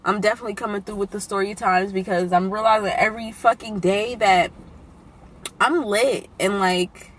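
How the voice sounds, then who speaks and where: A woman's voice: medium pitch, steady tone, moderate pace, slight background noise. A woman vlogging in a candid, emotional way, swearing freely and near tears as she talks. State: tearful. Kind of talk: casual emotional vlog talk.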